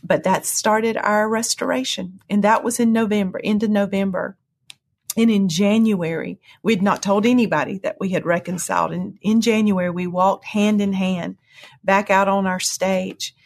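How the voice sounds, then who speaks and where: Earnest breathy woman telling her testimony. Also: fairly even intonation, normal speed. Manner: earnest storytelling, swings to high cries when reliving moments. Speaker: guest sharing testimony. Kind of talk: emotional personal testimony.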